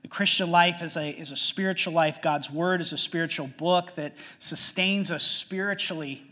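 A man preaching a sermon earnestly, repeating his points and swinging from loud emphasis to hushed low lines. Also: normal speed. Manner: earnest, repetitive, frequent restarts, swings between loud emphasis and hushed lows. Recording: muffled sound with long hall reverb.

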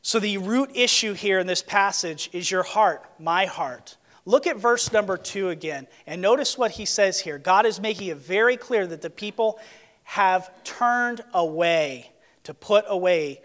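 High-voiced earnest preacher in a reverberant church. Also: male voice, animated, measured pace, a bit bright. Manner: earnest, emphatic, repeats key words. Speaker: pastor. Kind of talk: sermon. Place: church sanctuary, on a platform.

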